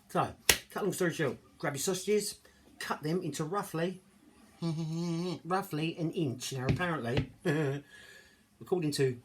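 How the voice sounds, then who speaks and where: A man's voice: fairly high pitch, husky. Chatty man rambling to camera. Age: middle-aged. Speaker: home cooking vlogger. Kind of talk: casual chat to camera. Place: home kitchen, indoors. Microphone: camera mic.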